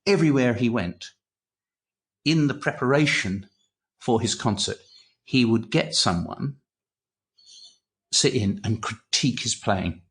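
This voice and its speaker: An older man, a retired clinical psychologist, chatting as an interview guest and telling animated anecdotes, often repeating words and swearing. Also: medium pitch, a little slow, pauses often. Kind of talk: casual interview storytelling.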